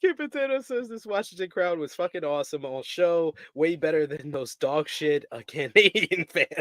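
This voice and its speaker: A man's voice: a little high, expressive, normal speed, fairly bright tone, dry recording. Laughing man reading viewer comments. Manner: laughs often, reads donations aloud. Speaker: co-host of a wrestling review show.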